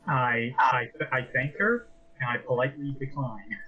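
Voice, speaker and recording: Stammering man player, bright lo-fi voice. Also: medium pitch, moderate pace. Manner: stammering, polite. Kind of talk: speaking as his character in a tabletop game.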